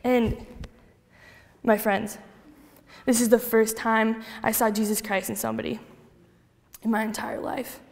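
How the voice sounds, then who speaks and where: Young woman with a gravelly voice in a hall. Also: fairly high pitch, unhurried, pauses often. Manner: animated storytelling, acting out quoted dialogue. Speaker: speaker giving a testimony. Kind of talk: personal faith testimony. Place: hall with a group. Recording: long reverb of a hall.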